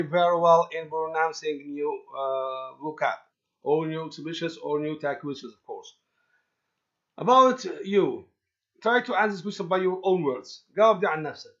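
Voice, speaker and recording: A man teaching an English lesson, halting often with fillers and repeating words as he explains. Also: high-pitched, a bit bright. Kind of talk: recorded classroom lesson explanation. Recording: dull lo-fi recording.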